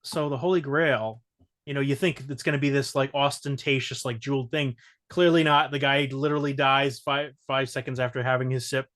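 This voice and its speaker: A man's voice: medium pitch, fairly even intonation, brisk, fairly bright tone. A man hosting a casual roundtable movie chat, talking animatedly and acting out quotes from scenes. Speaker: host.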